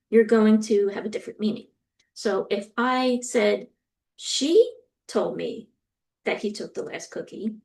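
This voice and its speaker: A woman lecturer explaining a topic step by step, often pausing with ums and acting out example sentences. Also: mid-range voice, gravelly, a little mellow. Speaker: university lecturer. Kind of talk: recorded lecture.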